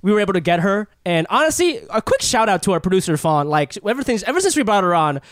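A man co-hosting a podcast in casual chat, excitable and laughing often, stammering and repeating himself. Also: sits high, fast talker, no echo, clean studio sound. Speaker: podcast co-host.

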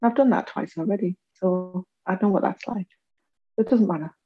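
A woman in her forties, interviewed as a guest, candidly tells her life story at a moderate pace, acting out other people's voices with big pitch jumps. Her voice is slightly rough, and the recording is muffled with no echo.

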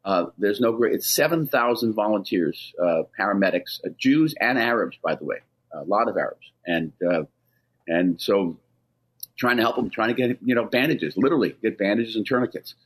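A man's voice: lowish voice, expressive, moderate pace, slightly rough. A man being interviewed on the radio, speaking urgently and emphatically, often restarting his sentences. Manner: emphatic and insistent, with frequent restarts. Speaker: ambassador, interview guest.

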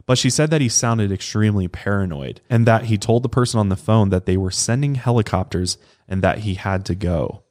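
A man's voice: on the low side, fairly quick, hardly any pauses, darkish tone. A man co-hosting a podcast, recounting a true-crime case in a loose, conversational way with casual swearing. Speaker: podcast co-host.

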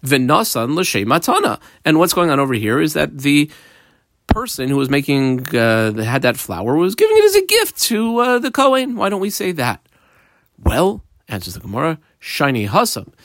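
A man's voice: fairly high pitch, big pitch swings, normal speed, fairly bright tone, dry recording. A man teaching a Talmud page, reading Aramaic phrases and translating them into casual English with frequent fillers. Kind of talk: daf yomi lesson.

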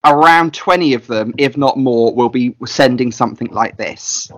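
A man co-hosting a podcast in casual chat, excitable and opinionated. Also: mid-range voice, normal speed. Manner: excitable, opinionated, lots of fillers. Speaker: podcast co-host.

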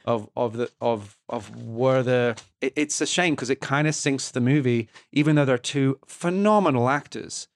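A man's voice: mid-range voice, moderate pace, hardly any pauses, no echo, clean studio sound. A man co-hosting a film podcast, talking analytically with frequent restarts and fillers. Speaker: podcast co-host. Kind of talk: casual film-review chat.

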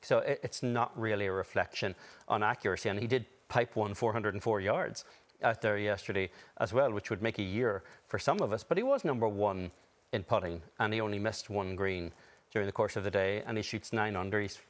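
A man with a low voice gives golf analysis in measured, articulate sentences. He has a wry edge. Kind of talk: broadcast analysis.

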